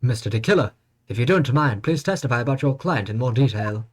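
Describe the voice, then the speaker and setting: A man's voice: medium pitch, expressive, a little fast, a little hiss or hum, pitched below the performer's own voice, natural voice. A man voicing a stiff, formal male prosecutor from game dialogue, clipped and proper. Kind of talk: reading game dialogue aloud. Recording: game music behind voice.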